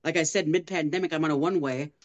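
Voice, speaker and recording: A woman guest telling her own story of survival and faith on a podcast, earnestly and with animated retelling. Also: low-pitched, quick pace. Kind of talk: emotional personal testimony.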